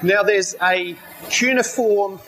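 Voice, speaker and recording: A man's voice: high-pitched, takes it slowly, sharp tone. A man preaching a sermon as a pastor, conversational, with stories, asides and light humor.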